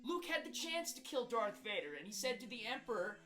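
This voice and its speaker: In this comedic rant the creator exaggerates his own anger, playing an exasperated hot-tempered young man full of rhetorical questions. The voice is extremely high and sing-song, fairly quick, pushed and bright, clearly exaggerated. There's soft background music, and the audio quality is poor.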